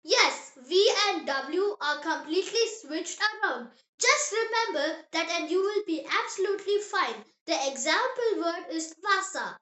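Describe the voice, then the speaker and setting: Very high-pitched child teaching slowly. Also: expressive, sharp tone. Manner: upbeat, encouraging, spells out sounds slowly. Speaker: language teacher, channel host. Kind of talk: scripted language lesson. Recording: roomy echo.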